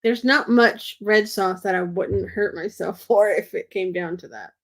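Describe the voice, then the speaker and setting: A woman's voice: mid-range voice, measured pace, gravelly, a bit bright. Chatty woman from Texas. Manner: chatty storyteller, giggly. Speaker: co-host. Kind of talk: casual chat.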